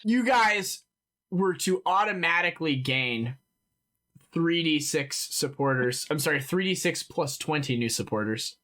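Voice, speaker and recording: A man's voice: fairly high pitch, animated, a little slow, sharp tone. A man narrating a tabletop role-playing game as game master, talking casually with many fillers.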